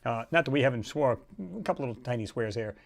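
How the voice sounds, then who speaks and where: A man hosting a casual livestream, rambling and animated as he reads out viewer comments and reacts to them. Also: mid-range voice, fast talker. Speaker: livestream host.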